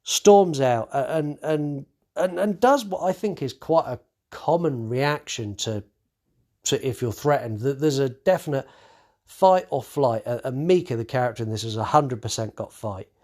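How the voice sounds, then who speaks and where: A podcast host with an expressive, medium-pitched, darkish voice recaps a horror movie in casual chat at a moderate pace. He swears freely, acts out characters' lines, and stumbles through many fillers and restarts.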